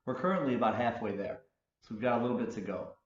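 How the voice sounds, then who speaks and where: A man's voice: mid-range voice, fast, echoey room, muffled recording. A man hosting a foundation's livestream, thanking a speaker and making an earnest, scripted fundraising appeal. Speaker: host for the foundation.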